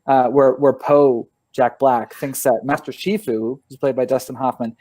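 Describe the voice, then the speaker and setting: A man talking as a guest on a podcast, telling family stories in easy, animated conversation. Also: mid-range voice, normal speed. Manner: storytelling, animated when quoting his kids. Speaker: podcast guest, author and father. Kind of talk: casual conversation.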